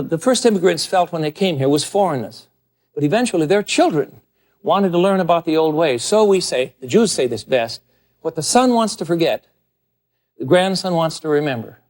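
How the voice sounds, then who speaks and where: A man hosting a TV cooking show, presenting dishes to the camera in an animated, enthusiastic, folksy way. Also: on the high side. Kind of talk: TV cooking demonstration.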